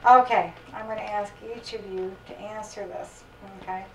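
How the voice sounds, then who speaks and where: A woman's voice: medium pitch, fairly even intonation, moderate pace, fairly bright tone, distant mic, slight background noise. A woman interviewer putting a question to the guests and directing who answers. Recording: echoey room from afar.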